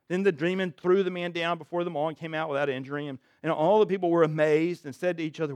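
A man preaching a sermon in church, reading scripture and commenting in an emphatic, conversational way, dropping low and quiet to stress a point. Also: fairly even intonation, fast talker, hardly any pauses, clean tone, dry recording. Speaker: pastor.

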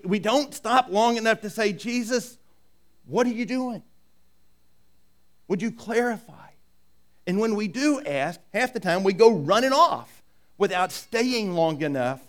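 Man, middle-aged, pastor, sermon, fairly high voice, conversational, acts out dialogue. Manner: conversational, acts out quoted voices, repeats "right?".

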